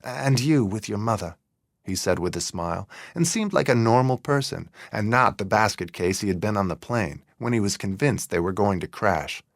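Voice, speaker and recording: Hörbuchsprecher, männlich, ruhig und gemessen, trockener Klang. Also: male voice, fairly low pitch, no echo, clean studio sound. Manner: calm, measured reading. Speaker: audiobook narrator. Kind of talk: scripted narration.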